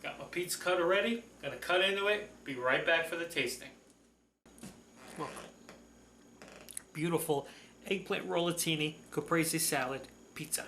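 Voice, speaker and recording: A fairly high-voiced man hosts a homey cooking demo, talking viewers through each step in a chatty, folksy way and gushing over the food. He sounds like he is in a roomy, echoing kitchen, with a faint clatter of dishes behind him. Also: moderate pace, long pauses, sharp tone, slight background noise. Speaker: cooking show host. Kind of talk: casual cooking demonstration.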